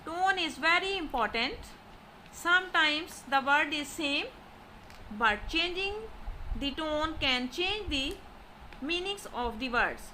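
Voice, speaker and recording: A woman teaches a language lesson in a slow, deliberate way, pausing to sound out example syllables with exaggerated tones. Her voice sits high and bright, and she keeps her pace unhurried. Faint noise hums behind her. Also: expressive. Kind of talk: slow explanatory lesson narration.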